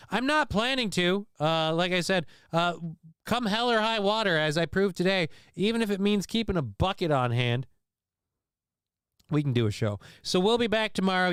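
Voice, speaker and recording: A man's voice: on the high side, fairly bright tone, clear, resonant tone, no echo, clean studio sound. Rambling, crude male livestream host. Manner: rambling, self-deprecating, crude jokes. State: unwell after vomiting. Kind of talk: casual live commentary.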